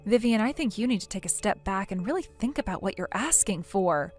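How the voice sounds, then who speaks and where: A woman's voice: medium pitch, expressive, fairly quick, faint music behind, close to an everyday voice. A woman voicing a blunt, lecturing female friend. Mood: stern. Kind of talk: text story narration.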